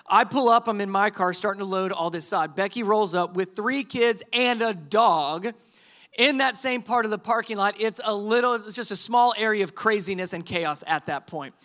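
Speaking at a normal pace, a man with a high, bright voice tells a sermon illustration as a story. His delivery is animated, with quotes acted out and self-deprecating asides.

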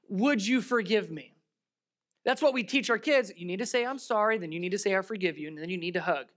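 A pastor delivering a sermon in a mid-range voice. They lean into rhetorical questions and emphatic repetition. They move between raised, stressed lines and low, heartfelt asides. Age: adult with children. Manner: swings between raised emphasis and quiet earnest tones.

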